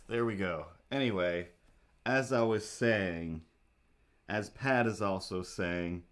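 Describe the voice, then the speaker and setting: A man's voice: deep voice, steady tone, moderate pace, a bit bright. A young man hosting a livestream, chatting casually in a rambling, jokey, self-deprecating way while he sets up. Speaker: livestream host. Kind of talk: casual chat while setting up a drawing stream.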